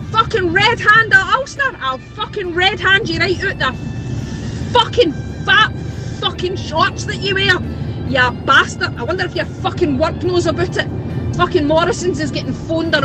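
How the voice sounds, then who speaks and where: Furious sweary Scottish woman, high voice. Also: moderate pace, low-quality recording. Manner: furious, sweary, shouting bursts. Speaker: resident ranting on video. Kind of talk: angry rant.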